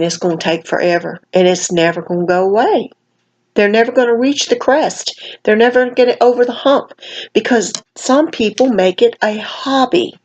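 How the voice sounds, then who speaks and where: Tired lady ranting on her vlog, bit slurry, calls everyone honey and baby, middle pitch. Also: poor audio. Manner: folksy, emphatic, sprinkles "honey" and "baby". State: tired, slightly slurred speech. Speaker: vlogger commenting on another channel. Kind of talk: casual commentary rant.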